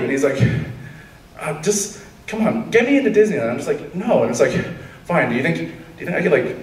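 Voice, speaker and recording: Animated young man telling a stand-up story. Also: on the high side, normal speed, long pauses, reverberant, far from the mic, low-quality recording. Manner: rambling, animated, laughs at his own story. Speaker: stand-up comedian.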